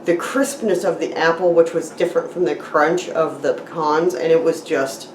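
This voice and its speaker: A woman's voice: deep voice, steady tone, normal speed, slight background noise, poor audio. A woman casually narrating her own vlog and explaining each food item one by one, with hiccups interrupting her. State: has hiccups. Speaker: vlogger.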